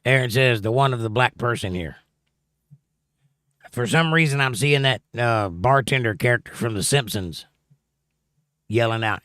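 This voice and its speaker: A man's voice: medium pitch, animated, normal speed, long pauses, fairly bright tone, clean tone, no room sound. Dry-sounding joking male stream host. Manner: joking, teasing, reads comments aloud. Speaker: livestream host reading chat. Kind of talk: casual chat. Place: home livestream setup.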